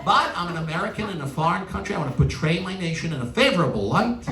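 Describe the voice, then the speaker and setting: A man's voice: high voice, fast talker. Middle-aged male stand-up with a New York accent, exasperated ranting delivery; recorded from a distance in a roomy live venue. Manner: animated punchline delivery with exasperated rants. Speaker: stand-up comedian. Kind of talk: stand-up comedy routine. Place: stage in a large venue with a live audience. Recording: roomy live hall from a distance, audience noise. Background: audience laughter and applause.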